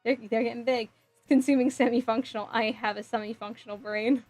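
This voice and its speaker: Giggly lady streamer chatting w her chat, kinda high voice, soft music in the back. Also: steady tone, brisk. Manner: chatty and giggly, thinks out loud. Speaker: live streamer. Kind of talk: casual live-stream chat, reading chat aloud. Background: faint music.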